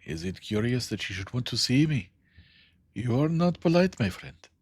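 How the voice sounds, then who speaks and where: A man voicing a formal, fussy older male detective who speaks in an emphatic, deliberate way. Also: medium pitch, big pitch swings, husky, no room sound, pitched above the performer's own voice. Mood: teasing.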